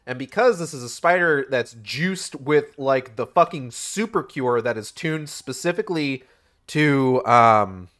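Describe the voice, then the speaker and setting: Rambling, profane young streamer. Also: male voice, mid-range voice. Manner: rambling, profane, animated retelling. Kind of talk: casual game stream commentary.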